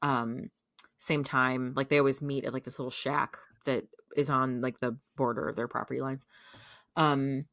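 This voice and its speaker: A woman's voice: rumbling low, steady tone, moderate pace, fairly bright tone, no echo, clean studio sound. A woman co-hosting a podcast, rambling casually through a show recap with lots of fillers. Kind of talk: casual chat.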